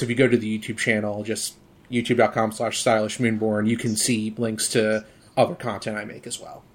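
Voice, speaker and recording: Fluent, explanatory male guest. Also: medium pitch. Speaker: podcast guest, video creator. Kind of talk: casual podcast chat.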